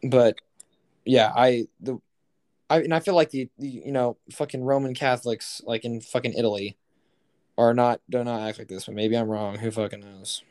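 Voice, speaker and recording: A man's voice: mid-range voice, fairly even intonation, moderate pace, a little mellow. Rambling, swearing young man. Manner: rambling, heavy on fillers and profanity. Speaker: podcast co-host. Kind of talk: casual chat.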